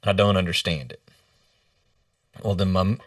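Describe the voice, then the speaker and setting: A man who is a leadership coach, telling a personal story in a podcast interview in an earnest, halting way, often quoting others. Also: low voice, no room sound, studio quality, distant mic. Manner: earnest, halting retelling with quoted dialogue. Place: remote video call.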